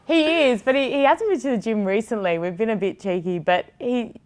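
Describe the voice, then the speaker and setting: A woman's voice: a little high, animated, brisk, darkish tone. A woman in her thirties with an Australian accent, a TV presenter chatting as an interview guest in a rambling way, full of fillers and restarts. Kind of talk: casual interview chat.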